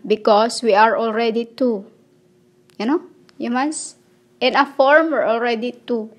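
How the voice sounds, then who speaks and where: A woman delivering a rambling spiritual monologue in halting, broken phrases, pleading with her listeners. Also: a little high. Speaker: self-proclaimed spiritual messenger.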